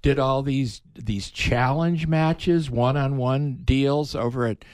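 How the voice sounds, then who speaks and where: An older man, a veteran broadcaster, telling animated stories in a casual interview, his voice jumping up when excited. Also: takes it slowly, clear, resonant tone, dry recording. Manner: animated storyteller, pitch jumps up when excited. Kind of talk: reminiscing in casual conversation.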